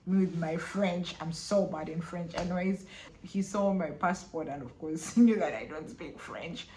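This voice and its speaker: A young woman chatting casually through a travel vlog, full of fillers and quick laughs. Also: fairly low pitch, warm tone, a little hiss or hum. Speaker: travel vlogger. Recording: echoey room.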